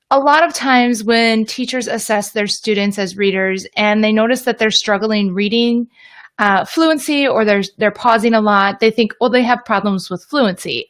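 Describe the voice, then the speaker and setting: Upbeat woman teaching on a livestream. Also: on the high side. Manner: upbeat, greets viewers by name. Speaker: teacher trainer hosting a live video.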